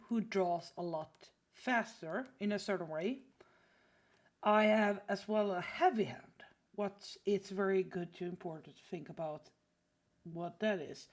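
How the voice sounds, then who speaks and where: A woman with a medium-pitched, darkish voice teaches drawing on a casual livestream. She chats loosely, uses lots of fillers, and often apologizes while reading the chat.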